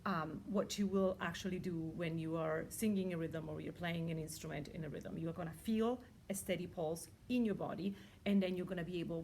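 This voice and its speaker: A woman's voice: fairly low pitch, darkish tone, slight background noise. Chatty woman teaching rhythm counting. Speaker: music teacher.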